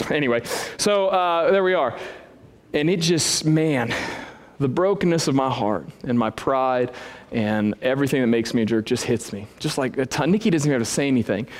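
A man preaching as a pastor, telling a self-deprecating story with big swings in pitch. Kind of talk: sermon. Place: church hall with a congregation. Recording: long reverb of a church hall.

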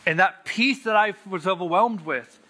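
With a high-sitting voice, moderate pace and bright, forceful tone, a Christian man tells his personal testimony of faith. He speaks earnestly, stressing and repeating words for weight.

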